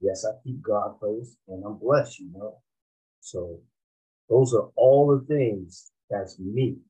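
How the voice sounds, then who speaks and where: A man's voice: fairly low pitch, slow pace, warm tone, husky, highs cut off. A man from Massachusetts, a rapper guest, telling laid-back, slangy stories in a casual interview and laughing often.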